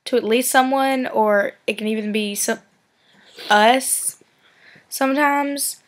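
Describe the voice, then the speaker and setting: A woman's voice: on the high side, slow pace. A teenage girl chatting casually with a friend, giving dating advice in a giggly, filler-heavy way. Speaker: vlogger.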